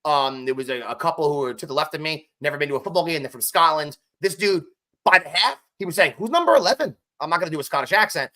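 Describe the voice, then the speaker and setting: A man's voice: on the high side, fast, sharp tone. A man co-hosting a casual sports podcast, talking animatedly and often turning to his co-host by name.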